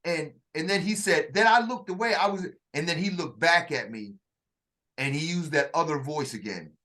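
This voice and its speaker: A man casually telling a story in conversation, animated and full of slang, with vocal sound effects. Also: fairly high pitch, normal speed. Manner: uses slang and restarts. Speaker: storyteller in a two-man dialogue.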